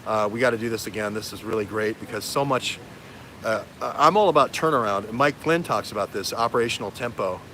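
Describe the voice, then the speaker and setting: A man hosting a livestream as an investigative journalist, talking in an animated, digressive way that jumps between threads. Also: on the low side, fast, a little hiss or hum. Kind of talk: livestream talk.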